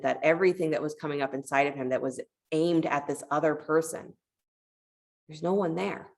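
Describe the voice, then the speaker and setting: A woman leads a yoga class in a low, gravelly voice. She talks with calm encouragement, weaving gentle cues between the poses and a story she tells. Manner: calm, encouraging cueing with a parable told in between. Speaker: yoga teacher.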